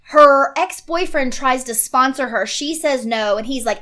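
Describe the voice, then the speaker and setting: Woman podcast co-host, high bright voice, fast joking recaps. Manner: rapid plot recap, laughing asides. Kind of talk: casual movie review chat.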